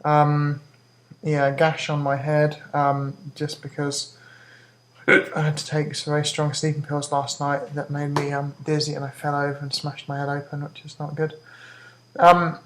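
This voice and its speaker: A woman's voice: sits low, completely flat delivery, a little hiss or hum, poor audio. A woman hiccuping as she talks to camera in a hesitant vlog update, with many ums and restarts. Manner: talks fast. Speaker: vlogger giving a health update. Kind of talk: casual talk to camera.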